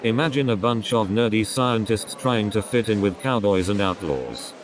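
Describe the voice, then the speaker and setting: A man's voice: lowish voice, normal speed. A man doing a stand-up comedy routine, rambling through setups and repeating his catchphrases. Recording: crowd noise behind the voice.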